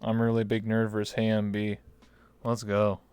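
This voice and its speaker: A man's voice: on the low side, completely flat delivery, normal speed, a little mellow, clear, resonant tone, dry recording. A man hosting a late-night online interview show, joking in a laid-back way. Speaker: talk show host. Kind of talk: casual interview chat.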